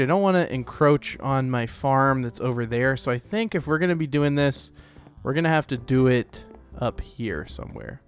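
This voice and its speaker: A man's voice: medium pitch, clear, resonant tone. A man hosting a let's play, rambling casually as he plays, with lots of fillers. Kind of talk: casual gameplay commentary.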